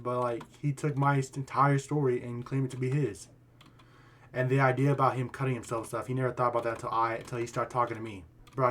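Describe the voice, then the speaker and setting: Man, casual storytime commentary, rambling, heated, keeps restarting, medium pitch, faint background noise. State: voice getting worn out. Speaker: YouTube commentary host.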